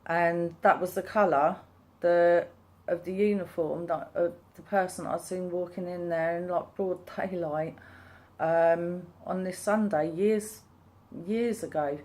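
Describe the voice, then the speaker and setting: A woman in her thirties recounts a personal experience for her vlog. Her voice sits on the low side, and she speaks slowly. She circles back and restarts often, with plenty of hesitant fillers. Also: fairly even intonation, a little mellow. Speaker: vlogger. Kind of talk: casual storytelling.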